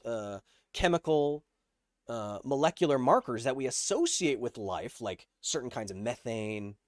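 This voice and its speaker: A man's voice: mid-range voice, no echo, studio quality. A man hosting a livestream, explaining science casually and answering chat with jokes. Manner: explains science, reads chat aloud, jokey. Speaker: host.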